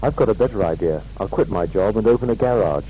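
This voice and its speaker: A man playing a gloomy man whose car broke down, in a scripted language-course dialogue, with a plain, measured delivery. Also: fairly low pitch, expressive, mellow, slight background noise, lightly acted, low-quality recording. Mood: glum.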